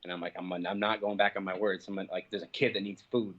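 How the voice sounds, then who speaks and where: On a muffled phone line, a young man who fights professionally recounts a heated story for a casual interview, cursing constantly and leaning on fillers. His deep voice holds a level tone at a quick pace and sounds fairly bright.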